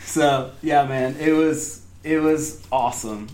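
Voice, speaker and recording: A young man telling an excited story on a podcast, acting out quotes in a higher voice. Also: slow, crowd noise. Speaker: fan event organizer. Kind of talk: casual podcast chat.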